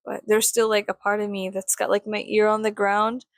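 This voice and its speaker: A woman vlogging casually while doing her makeup, rambling and swearing, sometimes dropping to a soft whisper. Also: mid-range voice, level tone, brisk, dry recording.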